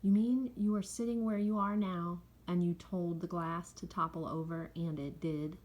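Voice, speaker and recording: A woman voicing a kind young schoolteacher in a storybook reading, speaking in a soft, measured way. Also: lowish voice, steady tone, muffled recording, lightly acted. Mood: amazed. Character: gentle young female schoolteacher, kind and patient.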